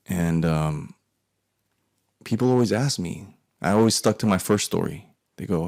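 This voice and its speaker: A man in his forties telling his own story, his voice very deep and full of gravelly fry. He rambles and swears freely, dropping into muttered asides. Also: lively intonation, normal speed, darkish tone. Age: 40s. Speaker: artist telling a life story. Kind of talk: profane personal storytelling monologue.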